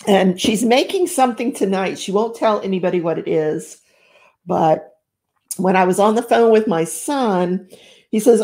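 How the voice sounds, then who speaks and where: A middle-aged woman with a mid-range, slightly mellow voice speaks at normal speed while crafting on a live stream. She warmly greets her viewers, chatting casually with lots of excited exclamations.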